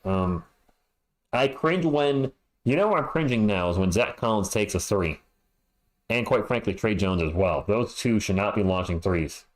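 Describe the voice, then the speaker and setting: A man's voice: fairly low pitch, lively intonation, moderate pace, rough recording. A man hosting a fan livestream, reading halftime stats and chat messages with frustrated, sarcastic commentary.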